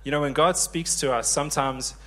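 A man in his thirties preaching a sermon, lively and joking with the congregation. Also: fairly high pitch, a little fast. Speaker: pastor.

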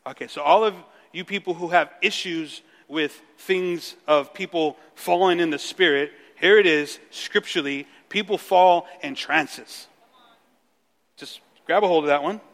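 A man preaching a sermon as pastor, animated, acting out the dialogue of the story. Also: a little high, a little slow, creaky, big-room sound. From Mexico.

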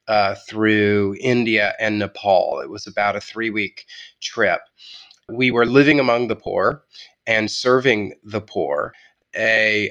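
A man as an interview guest, telling a story in a reflective, measured way with halting restarts. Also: lowish voice, bright, forceful tone. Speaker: guest writer.

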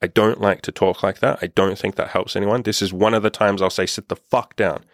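A man's voice: fairly low pitch, flat delivery, brisk, no echo, clean studio sound. A man coaching on dating, talking bluntly with lots of swearing and rhetorical questions. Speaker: dating and self-improvement coach. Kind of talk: direct-to-camera opinion monologue.

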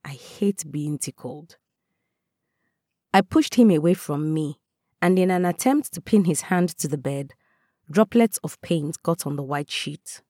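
A woman reading a first-person story aloud in a calm, measured way. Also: low voice, dry recording, clean studio sound. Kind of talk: scripted first-person narration.

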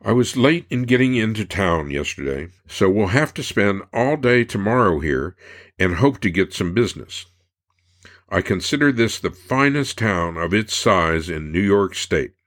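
A man narrating, reading old personal letters aloud in a measured, unhurried way. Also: fairly low pitch, very animated, fairly bright tone.

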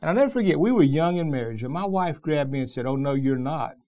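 Higher-voiced middle-aged male pastor preaching. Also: very animated, fast, warm tone, highs cut off. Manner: conversational storytelling with frequent restarts. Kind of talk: sermon.

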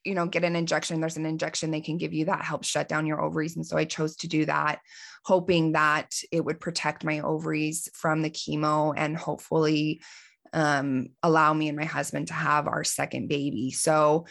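A woman in her forties, a life coach hosting her own podcast, telling a personal story in an earnest, heartfelt way, with pauses and fillers. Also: low voice, little pitch movement, vocal fry, fairly bright tone. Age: 40s.

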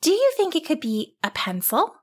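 A woman's voice: high voice, huge pitch swings, normal speed, pitched above the performer's own voice. A woman voicing a bold, cheerful young girl with an eager, chatty manner. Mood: thoughtful.

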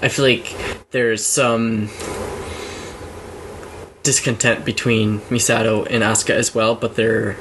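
A man's voice: on the low side, level tone, a little slow, long pauses, a bit bright. Guy co-hosting a podcast, rambles and hunts for words, kinda noisy recording. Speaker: podcast co-host. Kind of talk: casual chat.

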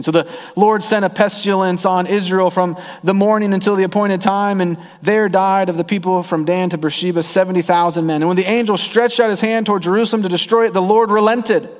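A man's voice: sits high, big-room sound. A man preaching a sermon as a pastor, earnest, with his voice rising and falling for emphasis.

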